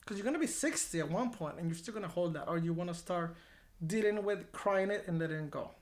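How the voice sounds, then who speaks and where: A man's voice: high voice, fast talker. A man who runs a mental health clinic, talking casually on a podcast and acting out both sides of his conversations, blunt and given to swearing. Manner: animated, acts out both sides of dialogues.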